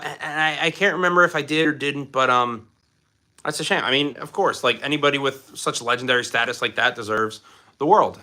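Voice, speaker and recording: A man's voice: medium pitch, sharp tone. A young man from Philadelphia chatting casually on a live stream, reading viewer questions aloud and answering them. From Philadelphia, USA.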